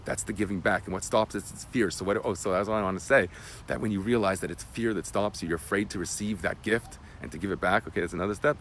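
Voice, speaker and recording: A man, a rabbi, giving an emotional Torah class that swings from loud bursts to hushed whispers. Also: sits low, fast, a little hiss or hum. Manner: animated, emotional teaching.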